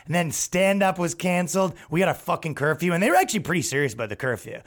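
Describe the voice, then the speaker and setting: A man hosting a podcast, ranting in a crude, sarcastic way and mocking others, swinging between loud outbursts and low asides. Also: big pitch swings, fast. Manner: profane, sarcastic, mocking, with put-on voices for others. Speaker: podcast host and stand-up comedian. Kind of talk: casual ranting monologue.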